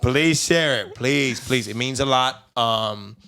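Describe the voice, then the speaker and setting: A man's voice: mid-range voice, slow, bright, forceful tone, smooth. A young man co-hosting a podcast in casual chat, joking and teasing. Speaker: podcast co-host.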